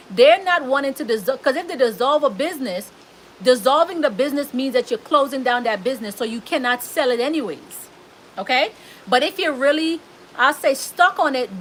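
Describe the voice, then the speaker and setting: A woman's voice: high voice, a bit bright, a little hiss or hum. A woman with a Southern US accent, coaching a live audience on business credit, emphatic and repeating her key points. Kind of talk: live stream Q&A.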